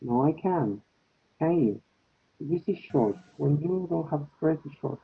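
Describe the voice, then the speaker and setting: Male online teacher, very gravelly and slow, tinny line. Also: a little high. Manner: slow, repeats with "okay?" and "no?" checks. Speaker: English teacher. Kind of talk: online class instruction.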